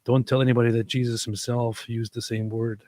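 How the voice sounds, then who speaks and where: A man's voice: mid-range voice, level tone, brisk, dark tone, no echo. A man co-hosting a casual chat show and reading out viewer comments, talking sarcastically and laughing often. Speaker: co-host.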